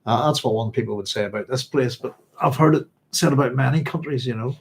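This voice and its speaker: A fast-talking man with a medium-pitched voice hosts a casual book club livestream. He alternates between reading passages aloud and rambling chattily, chuckling frequently along the way.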